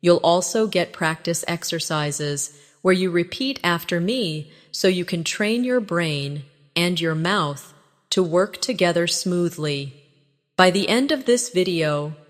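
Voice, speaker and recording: Woman teacher, unhurried instructive read, roomy reverb tail, for a language-lesson voice-over. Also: on the low side. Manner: slow, even, instructive delivery with repeat-after-me drills. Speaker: English teacher. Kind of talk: scripted lesson narration.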